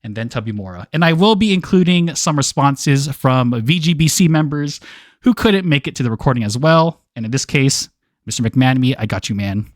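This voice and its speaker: A man's voice: medium pitch, no room sound, studio quality. A man hosting a casual online game discussion, joking and laughing often as he leads the questions. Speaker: podcast host.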